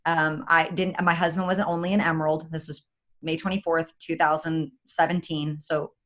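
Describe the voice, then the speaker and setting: A woman giving an energetic, chatty motivational talk as a guest on a video call, with many fillers. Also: deep voice, moderate pace. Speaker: guest speaker.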